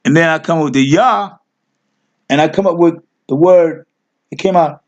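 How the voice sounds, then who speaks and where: In an informal screen-share lesson, a man teaches a Hebrew word, thinking aloud as he clicks through his screen, correcting himself and coaxing listeners along, whom he addresses as family. His voice is on the high side with lively intonation at a moderate pace, and the highs are cut off.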